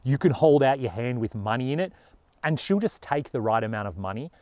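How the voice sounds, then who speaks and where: A man's voice: medium pitch, animated, fairly quick, darkish tone, dry recording. A man with an Australian accent talking earnestly and casually to camera as a travel vlogger, with a lot of "you know".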